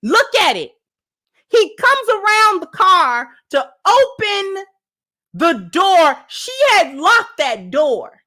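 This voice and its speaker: A woman's voice: extremely high pitch, sing-song, slow, sharp tone. A woman host giving sassy, emphatic reaction commentary on a dating clip and talking straight to her viewers.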